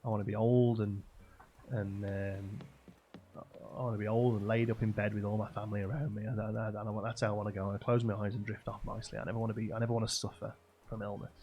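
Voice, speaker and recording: A man's voice: fairly low pitch, flat delivery, quick pace, dull audio, slight background noise, close to an everyday voice. A man voicing an earnest, stammering third man in a joke. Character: earnest, nervous third man making odd wishes.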